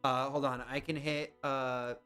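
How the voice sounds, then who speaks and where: A young man chatting casually on a live stream, excitable and swearing when he guesses wrong. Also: medium pitch, unhurried, soft background music. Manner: excitable, swears and yelps at misses.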